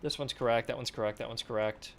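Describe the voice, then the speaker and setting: A man's voice: medium pitch, fairly even intonation, fast, gravelly, slight background noise. A man on a dev livestream giving casual, mumbled feedback on artwork, repeating short approvals. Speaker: game developer streaming.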